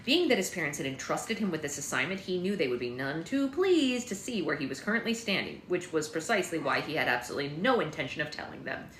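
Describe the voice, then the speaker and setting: A woman's voice: sits low, quick pace, few pauses, reverberant, slight background noise. A woman, the author, reading her own novel aloud on a live stream and chatting casually at home. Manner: lively, laughs easily.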